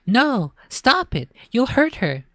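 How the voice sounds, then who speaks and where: A woman voicing a bratty little girl who whines and shrieks in a high voice. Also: lively intonation, unhurried, no room sound, studio quality, natural voice. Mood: shrill. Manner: high, shrill, whining. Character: shrill bratty little girl, whiny and insistent.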